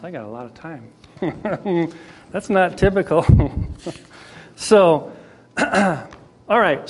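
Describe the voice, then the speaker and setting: A man teaching a Bible class in a conversational way, clearing his throat often as he starts to lose his voice. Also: high voice. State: losing his voice.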